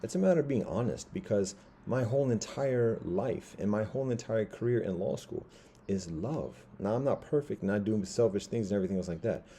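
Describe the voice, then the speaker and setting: Man, 50s, low and deeply mellow voice; rambling monologue that stalls on repeated words and restarts. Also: brisk, a little hiss or hum.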